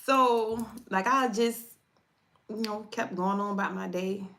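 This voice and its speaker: This tarot reader's voice is medium-pitched and fairly bright, and she takes her time as a faint hiss or hum runs beneath her. Chatting casually on a livestream, she recounts a personal story, repeats herself, and often addresses her audience directly.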